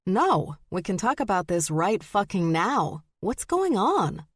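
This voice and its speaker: A woman narrator voicing an angry, demanding sister in an audiobook, insistent and sharp. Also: mid-range voice, sing-song, takes it slowly, no echo, studio quality.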